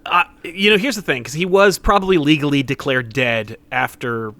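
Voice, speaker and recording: A man's voice: on the high side, moderate pace, pushed and bright. A young man co-hosting a casual podcast, rambling through theories with lots of fillers. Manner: rambling, acts out characters. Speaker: podcast co-host. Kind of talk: casual comic-book chat.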